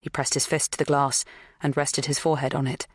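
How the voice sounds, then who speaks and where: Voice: mid-range voice, little pitch movement, brisk, slightly rough, dry recording. Audiobook narrator reading a thriller. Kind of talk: scripted narration.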